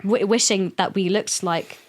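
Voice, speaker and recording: A woman's voice: medium pitch, a little slow. Laughing, swearing young woman on a podcast. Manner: laughs often, swears, acts out her mother in quotes. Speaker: podcast guest. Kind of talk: casual podcast chat.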